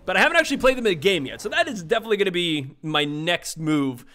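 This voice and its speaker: A male gamer gives live commentary on his own match. His voice is bright and sits a bit higher than most men's. He talks in a chatty, excitable way and swears freely at teammates. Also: quick pace. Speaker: gaming streamer.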